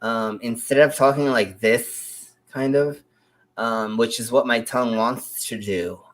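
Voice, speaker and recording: A man's voice: medium pitch, fairly even intonation, unhurried, fairly bright tone. Man with a split tongue and slight lisp. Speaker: co-host. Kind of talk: casual chat on a livestream.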